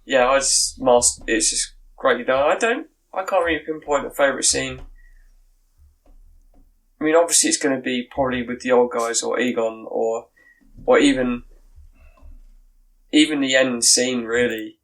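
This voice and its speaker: A man's voice: medium pitch, normal speed, long pauses, a bit bright, rough recording. A man co-hosting a podcast in casual chat, making long, opinionated points. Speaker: podcast co-host.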